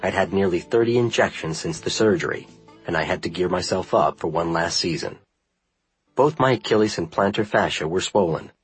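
A man narrating a first-person memoir in a measured, earnest reading style. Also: low voice, lively intonation, slightly rough, faint music behind, low-quality recording. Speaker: audiobook narrator.

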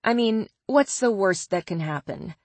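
A woman reads a first-person story aloud, unhurried and wry, with a sardonic edge. The recording is dry and close, with no room sound. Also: mid-range voice, expressive, no echo. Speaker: audiobook narrator. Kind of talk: first-person audiobook narration.

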